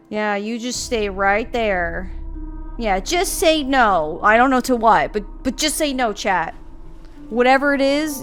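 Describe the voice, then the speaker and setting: A woman's voice: fairly high pitch, fairly bright tone. A woman gaming streamer giving casual, giggly, playful commentary while she plays. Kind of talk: casual let's-play commentary. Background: faint game music.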